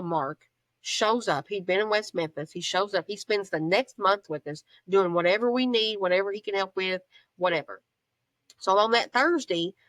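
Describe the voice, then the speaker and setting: A middle-aged woman tells a painful family story in a plain, direct way, often quoting what others said. Her voice sits low, and the sound is close and dry, with no room echo. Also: a bit bright. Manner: plain-spoken, storytelling with reported speech. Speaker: interview guest, bereaved mother. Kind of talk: emotional personal account.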